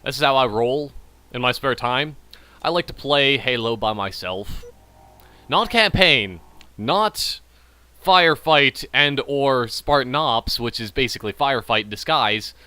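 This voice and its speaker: Bright-voiced man rambling over gameplay. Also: medium pitch, lively intonation, measured pace. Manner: rambling, jokey, self-mocking; frequent trailing restarts. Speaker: gaming channel host. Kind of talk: casual gameplay commentary while drinking beer.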